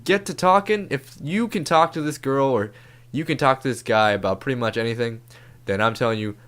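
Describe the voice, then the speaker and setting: A male podcast host with a voice of ordinary pitch. He gives relationship advice in a casual, laid-back way and swears freely. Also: a bit bright.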